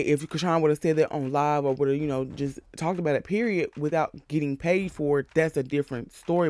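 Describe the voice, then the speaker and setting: A man's voice: a little high, no room sound. A man casually recapping a reality show, bluntly and with jokes, acting out the cast members' lines. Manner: blunt, profane, joking asides.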